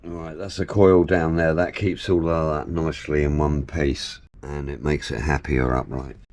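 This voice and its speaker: A man's voice: rumbling low, little pitch movement, normal speed, a little mellow. A man chatting casually as he works in his workshop, explaining each step with the odd joke. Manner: chatty, jokey, explains while working. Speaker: car builder vlogger. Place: home workshop.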